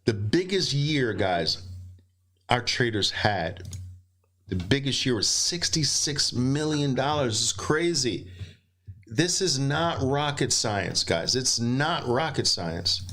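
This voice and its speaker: A man's voice: medium pitch, animated, slow, fairly bright tone. A middle-aged man running a live trading seminar, emphatic and teasing, with punchy exclamations. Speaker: trading instructor.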